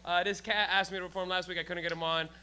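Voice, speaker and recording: Male club emcee, high and very bright voice, casual crowd hype. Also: level tone, clean tone. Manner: hypes the crowd, quick and casual. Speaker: comedy show host. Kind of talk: emcee introductions. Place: comedy club stage.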